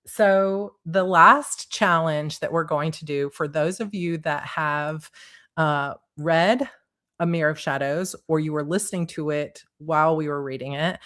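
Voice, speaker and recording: Woman author on a livestream, low voice, bubbly, laughs a lot, reading chat. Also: a bit bright. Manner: bubbly, giggly, reads chat aloud.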